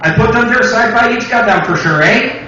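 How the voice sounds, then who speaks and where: A man's voice: very high-pitched, expressive, fairly quick, distant mic, lo-fi sound, crowd noise, pitched above the performer's own voice. A man voicing a rambling French Canadian airline captain with a French Canadian accent, in an echoey room.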